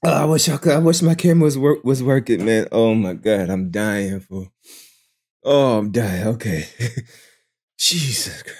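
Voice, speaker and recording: A male live-stream host with a very lively, swooping voice that drops low and jumps high. He takes his time, letting words stretch out. His talk is slangy and profane, loose and unguarded. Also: a little slow. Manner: unguarded, swings between drawl and squeals. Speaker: livestream host. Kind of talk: casual live-stream commentary.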